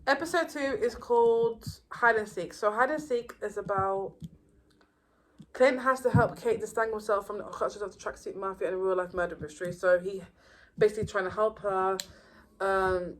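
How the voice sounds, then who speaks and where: A woman casually reviewing TV episodes, rambling and excitable with many fillers and restarts. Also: mid-range voice, normal speed, a little hiss or hum, low-quality recording. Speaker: YouTuber reviewing TV shows.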